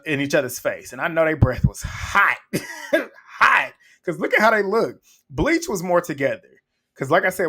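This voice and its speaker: A man's voice: a little high, a bit bright. A man, recapping a reality show in blunt, mocking casual commentary and laughing often.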